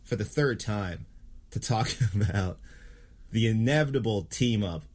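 Low-voiced man, profane podcast host. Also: animated, measured pace, a little mellow. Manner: profane, laughing, rambling banter. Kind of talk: casual chat.

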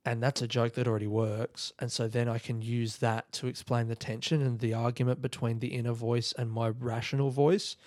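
An Australian man from South Australia hosting a solo podcast late at night, talking quietly and rambling as he thinks aloud in bed. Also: medium pitch, little pitch movement, brisk, hardly any pauses, dry recording, clean studio sound. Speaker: podcast host and comedian. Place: bedroom at night. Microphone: own podcast mic set up in bed.

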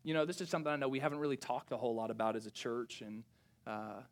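A young adult man preaching a sermon, telling a personal story, acting out family dialogue with lively swings and dropping to quiet, intense tones at reflective moments. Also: fast. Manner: animated, acts out family dialogue with big pitch swings. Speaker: pastor.

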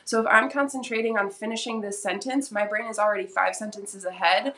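A woman's voice: medium pitch, fairly even intonation, a little fast, bright, forceful tone. A young adult woman co-hosting a casual podcast chat, rambling with many fillers and laughing often. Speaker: podcast co-host.

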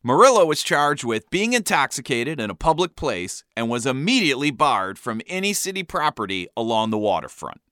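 A man hosting a comedic storytelling monologue with a wry, animated delivery. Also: mid-range voice, a little fast, few pauses, dry recording, clean studio sound. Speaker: podcast host.

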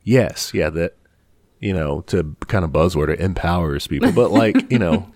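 A man's voice: low voice, moderate pace, darkish tone, no echo, studio quality. A man co-hosting a casual podcast chat, rambling and hedging with "you know" and "I don't know". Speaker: podcast co-host.

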